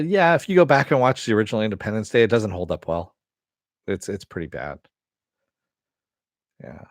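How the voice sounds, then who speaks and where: Responding to viewers on his casual stream, the middle-aged host rambles, curses and keeps restarting his sentences. He has a lowish voice. Studio-quality recording without room sound.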